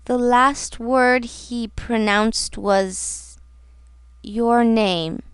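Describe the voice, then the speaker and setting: A woman's voice: a little high, no room sound, clean studio sound, lightly acted. A woman reading a weary, guilt-burdened sailor. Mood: grave. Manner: muffled, shaky, slow. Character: weary male seaman, grave and guilt-burdened.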